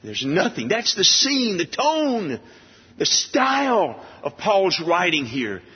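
A man preaching in a slow, deliberate way, his pitch rising and falling widely as he presses rhetorical questions. His slightly husky voice carries a long hall reverb, and the audio is dull and lo-fi. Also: wildly swooping pitch. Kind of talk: expository sermon.

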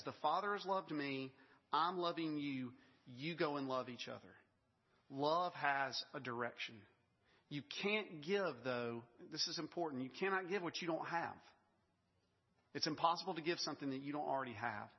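A male pastor delivers a sermon in a relaxed, storytelling manner, mixing in laughs and asides. His voice is slightly husky and sits at an ordinary pitch. The recording is a little dull, with the long reverb of a large hall. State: briefly choked up with emotion.

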